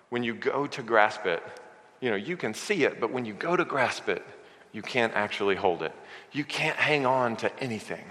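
Animated male preacher in a reverberant hall. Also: mid-range voice. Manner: animated, conversational teaching with humor. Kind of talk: sermon.

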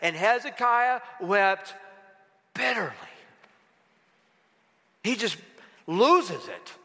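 A man's voice: high-pitched, animated, drawn-out words, bright, forceful tone. A man preaching a sermon to a congregation, emphatic and full of rhetorical questions. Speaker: pastor. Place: church sanctuary. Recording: church hall reverb.

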